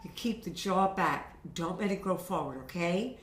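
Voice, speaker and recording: In an instructional talk to camera, a woman vocal coach shares encouraging voice tips in a chatty manner, checking in with "okay?" again and again. Her voice is on the low side with lively intonation and a moderate pace, and the distant mic catches a roomy echo.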